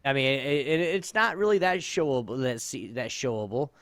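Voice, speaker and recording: A man's voice: mid-range voice, normal speed, dry recording. A man in his thirties co-hosting a casual comedy podcast, telling a story with plenty of swearing and laughter. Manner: animated storytelling, swears freely, laughs often. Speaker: podcast co-host.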